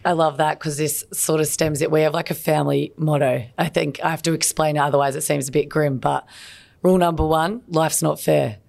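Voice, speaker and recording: A woman with a low, gravelly voice talks in a casual podcast chat. She is a basketball player and tells personal family stories openly and with feeling. Her talk is frank and heartfelt. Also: steady tone, fairly quick, a little mellow. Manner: candid, emotional, personal storytelling. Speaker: podcast co-host.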